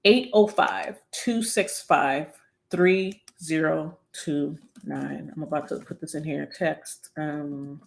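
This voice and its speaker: A woman's voice: sits low, steady tone, slow, gravelly. A woman psychologist talking casually on a live stream, chatty and long-winded, with many fillers and an upbeat, encouraging manner.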